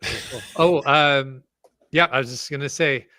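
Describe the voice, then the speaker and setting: A man's voice: mid-range voice, normal speed, pushed and bright, no echo. A man co-hosting a podcast in casual chat, upbeat and chuckling often. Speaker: podcast co-host.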